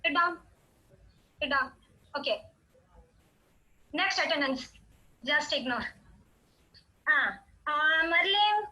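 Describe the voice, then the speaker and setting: A woman's voice: high-pitched, lively intonation, takes it slowly, long pauses, pushed and bright, exaggerated voice. A young woman playing a strict middle-aged male teacher in a comic skit over a video call, scolding in an exasperated way with an Indian English accent. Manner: scolding, exasperated, clipped questions. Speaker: student in a skit.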